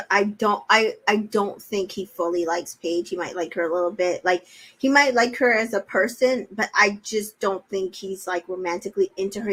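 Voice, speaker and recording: Bright, blunt woman co-host. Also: mid-range voice, poor audio. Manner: opinionated, blunt, exasperated. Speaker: co-host of a reality show recap. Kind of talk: casual recap chat.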